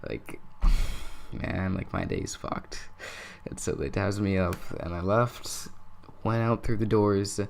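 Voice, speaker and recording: A man's voice: low voice, fairly even intonation, takes it slowly, vocal fry, a little hiss or hum. A young man telling a personal story in a casual, rambling vlog style, swearing freely and filling nearly every phrase with "like.". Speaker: vlogger.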